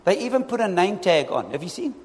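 A male pastor preaching a lively sermon, often calling out to his congregation for responses. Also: sits high, fast talker. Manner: animated, asks the congregation for responses. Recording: long reverb in a hall.

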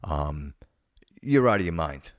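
Extremely low-pitched and slow, this man's voice swings widely in pitch as he rants indignantly on his podcast. He's opinionated, stammers, and keeps repeating words and restarting phrases, all in a dry, close sound with no echo.

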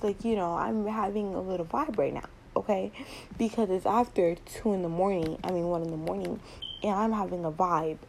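A woman's voice: fairly low pitch, vocal fry, darkish tone, slight background noise, rough recording. A teenage girl hosting her first casual podcast late at night at home, rambling and repeating words with a giggly manner, recorded on a laptop mic. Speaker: podcast host.

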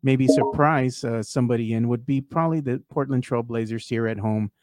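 A man hosting a laid-back sports talk show, chatting in a loose, filler-heavy way. His voice sits at an ordinary male pitch. The sound is dry and close, with no room around it. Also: a little fast, a little mellow, no room sound, soft background music. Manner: conversational, many fillers, reads fan posts aloud. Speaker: podcast host.

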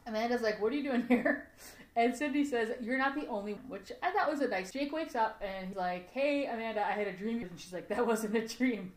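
A chatty woman with a somewhat high voice runs through a TV episode in casual podcast talk, giggling often and quoting the characters. Her voice carries a roomy echo. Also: brisk. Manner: chatty, giggly, acts out characters' lines in quotes. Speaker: podcast co-host. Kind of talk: casual episode recap chat.

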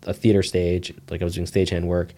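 A man appears as a guest in a casual storytelling interview, sharing a personal testimony in a relaxed, rambling way packed with "like" fillers. He speaks quickly in a low voice.

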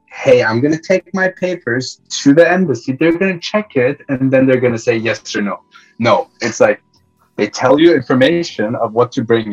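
A young man from Iran, a guest on a podcast, tells casual, self-deprecating stories in a medium-pitched, slightly rough voice with the highs cut off. His interview storytelling is full of restarts.

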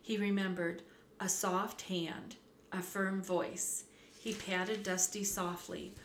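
A woman narrating a children's storybook aloud in a measured, clear, expressive way. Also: medium pitch. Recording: roomy echo, faint background hum.

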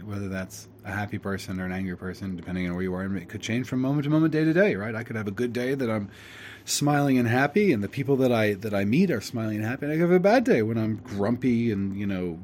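A man's voice: fairly low pitch, a little mellow, a little hiss or hum. A man giving a casual spiritual talk, rambling and reflective, with many fillers. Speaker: host telling a spiritual story.

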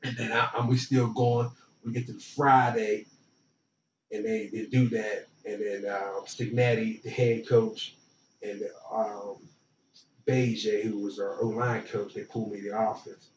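A young man, a former football player appearing as a guest, casually tells a college football story in relaxed slang, animatedly acting out what others said. His voice is fairly low and his pace measured, captured in a roomy, distant, dull lo-fi recording with slight background noise.

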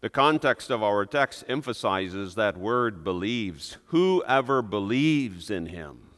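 A man preaching a sermon as pastor, deliberate and emphatic, pressing on key words. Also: lowish voice, animated, a bit bright. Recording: long reverb of a church hall.

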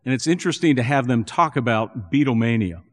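A man preaching a sermon as a pastor, earnest and building to animated emphasis. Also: mid-range voice, brisk. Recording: long reverb in a church hall.

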